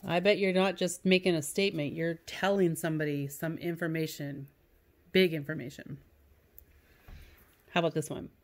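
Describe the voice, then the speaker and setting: A woman's voice: low voice, steady tone, moderate pace, pauses often. A woman teacher giving a recorded lesson to young students, patient, reading example sentences in a sing-song way.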